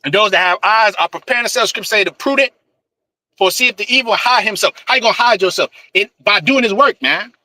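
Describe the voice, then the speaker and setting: A man with a high, very bright voice delivers a fiery street sermon. He mixes scripture with profanity and keeps repeating "man" for emphasis. The sound is close and dry. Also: fast, no room sound, poor audio. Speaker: street preacher.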